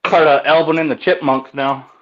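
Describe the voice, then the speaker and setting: A man's voice: on the high side, fairly even intonation, moderate pace, muffled recording. A man joining a casual live-stream chat as a guest, making joking remarks. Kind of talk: casual call-in banter.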